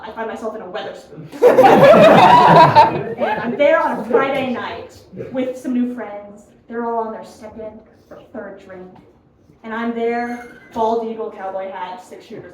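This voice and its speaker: A young American woman doing a stand-up comedy set, self-deprecating and chatty, often laughing at her own jokes. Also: a little high. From United States. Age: young adult. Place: comedy club room with a live audience. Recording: echoey room, mic heard from a distance, noisy.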